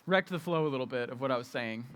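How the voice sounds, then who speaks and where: A man's voice: mid-range voice, fast, fairly bright tone, smooth. A young adult man preaching a candid, conversational sermon as a youth pastor, often repeating and restarting his phrases.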